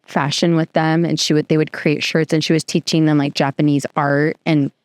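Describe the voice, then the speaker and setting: A woman guest on a podcast, telling a story in a chatty, animated way with lots of filler words. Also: sits low, normal speed, no echo. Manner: chatty, animated, fills speech with "like". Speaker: podcast guest, youth program co-founder. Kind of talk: casual interview storytelling.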